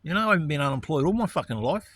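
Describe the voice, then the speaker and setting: A man's voice: a little high, animated, very fast, fairly bright tone. Profane, ranting man. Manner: angry, profane, righteous indignation. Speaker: vlogger. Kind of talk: ranting monologue to camera.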